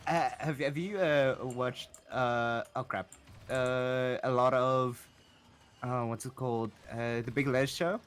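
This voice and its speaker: A man chatting casually while gaming, joking and halting with fillers. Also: medium pitch, steady tone, clear, resonant tone. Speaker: fellow player.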